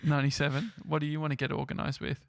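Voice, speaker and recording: A man's voice: fairly high pitch, completely flat delivery, racing, vocal fry, fairly bright tone, no echo, clean studio sound. An Australian man co-hosting a podcast in casual banter, teasing his co-hosts with needling questions. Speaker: podcast co-host.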